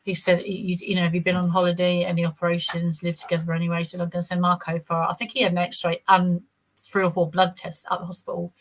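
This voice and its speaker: A woman's voice: fairly low pitch, completely flat delivery, quick pace, slight background noise. A woman telling her own story in a rambling, casual way, repeating words and acting out what others said. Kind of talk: casual personal account.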